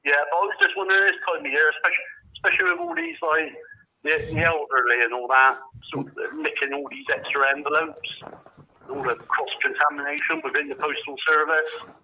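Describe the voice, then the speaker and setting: A British man calls in to a casual chat show, rambling and hesitant in a mock-earnest way. His voice is bright and fairly high. It comes through a dull, lo-fi phone line. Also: a little fast, slight background noise. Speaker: caller.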